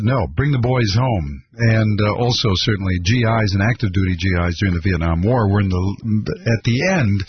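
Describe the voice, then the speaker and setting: Indignant man hosting political talk radio. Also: fairly low pitch. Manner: indignant, sardonic, many fillers. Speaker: radio talk show host. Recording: slightly dull radio audio.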